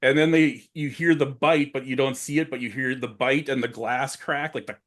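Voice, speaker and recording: A podcast co-host from a rural area retells film scenes in a rambling, casual way full of fillers. He speaks at medium pitch and a moderate pace, in a steady, slightly bright tone.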